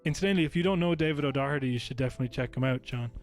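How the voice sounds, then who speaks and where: Rambling Irish podcast host. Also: male voice, medium pitch, rapid-fire, faint music behind. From Ireland. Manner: rambling, swears freely, laughs often. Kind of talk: casual podcast chat.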